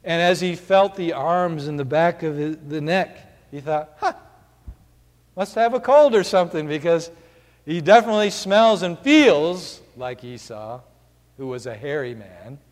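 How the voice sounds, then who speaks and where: Man, preacher, sermon, earnest, slow, step-by-step teaching, long hall reverb. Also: a little high, animated.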